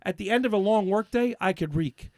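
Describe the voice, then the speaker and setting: A man's voice: high-pitched, a little fast, a little mellow, dry recording, clean studio sound. A man on a podcast, ranting in a worked-up, swearing rush while telling a story in casual chat. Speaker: podcast co-host.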